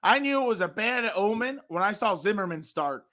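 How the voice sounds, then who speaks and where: A man's voice: high-pitched, lively intonation, normal speed, a crowd in the background. A man co-hosting a casual sports chat, trading blunt, sarcastic banter. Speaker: co-host.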